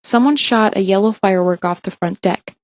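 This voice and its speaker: A woman reads fiction aloud for an audiobook in a mid-pitched voice, briskly and evenly, with the odd slip and restart left in. The recording is dry and close, with no room sound.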